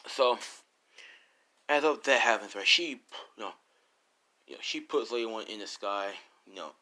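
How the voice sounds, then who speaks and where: A man's voice: on the low side, normal speed, low-quality recording. A man casually improvising a fan story, rambling with many fillers and asides. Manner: rambling, filler-heavy, animated.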